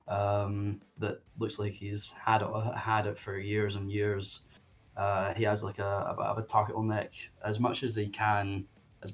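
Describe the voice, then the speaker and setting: A man describing his character in a tabletop game, halting and full of fillers. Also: fairly low pitch. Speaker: player. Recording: dull lo-fi sound.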